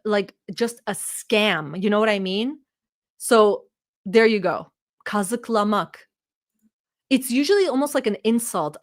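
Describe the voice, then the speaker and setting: A woman's voice: on the high side, no room sound, clean studio sound. A young woman from the Middle East, English not her first language, giving a casual livestream language lesson in a bubbly, teasing way. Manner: bubbly, teasing, thanks chat often. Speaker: streamer teaching language.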